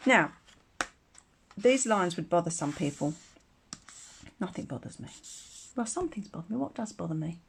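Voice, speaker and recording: A woman's voice: fairly low pitch, lively intonation, unhurried, creaky, pauses often, a little hiss or hum. Chatty woman demonstrating crafts. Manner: chatty, rambling asides, laughs often. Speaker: craft tutor. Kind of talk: casual live craft demonstration.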